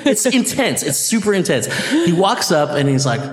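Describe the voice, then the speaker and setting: Animated man telling a story, echoey room. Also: sits high, moderate pace, a crowd in the background. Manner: animated, acts out voices in his story. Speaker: band leader. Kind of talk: storytelling in a live-streamed chat. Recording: echoey room with long reverb.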